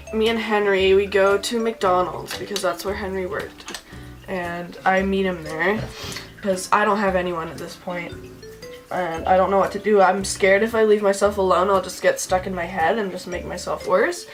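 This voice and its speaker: Chatty young woman saying "like" constantly. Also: mid-range voice. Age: young adult. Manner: says "like" constantly, chatty and emotional. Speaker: vlogger. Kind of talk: casual storytime.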